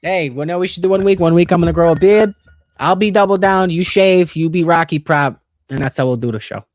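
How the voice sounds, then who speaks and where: Young guy cohosting a stream, swears a lot, jokey, kinda high voice, super dry sound. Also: brisk, no room sound. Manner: loose, profane, joking, jumps in pitch. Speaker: co-host of a fantasy football stream. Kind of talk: casual livestream chat.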